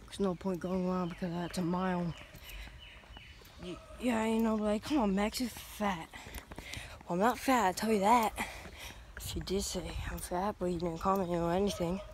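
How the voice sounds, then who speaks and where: A woman's voice: mid-range voice, steady tone, normal speed, darkish tone. A woman vlogging on a walk outdoors. She rambles playfully and breaks into silly sound effects and singsong noises. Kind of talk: casual walking vlog. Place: outdoors on a walk through town. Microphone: handheld phone camera. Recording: phone video with clear outdoor background noise.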